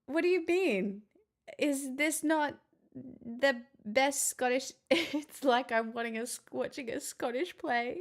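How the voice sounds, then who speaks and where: A woman's voice: high-pitched, takes it slowly. A woman streamer chatting casually on a live stream, sarcastic, giggly and easily flustered.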